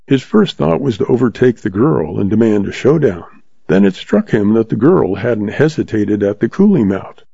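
Low, mellow male audiobook narrator. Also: gravelly, slightly rough, no room sound. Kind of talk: scripted narration of a western novel. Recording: dull lo-fi dry recording.

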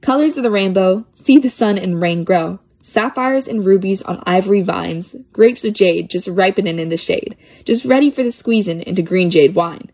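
A woman's voice: mid-range voice, normal speed, hardly any pauses, a little mellow. A woman reading children's poems aloud with a lilting, playful sing-song delivery. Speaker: poetry reader.

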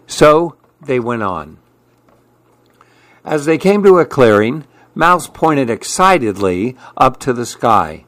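Slow, calm male storyteller. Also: mid-range voice, no echo. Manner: calm and measured. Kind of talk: children's story read-aloud.

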